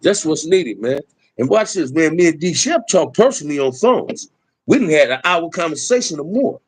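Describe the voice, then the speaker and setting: Man, middle-aged, husky, dry sound, emphatic preachy street talk, livestream host. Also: on the high side, sing-song, moderate pace, no room sound, rough recording.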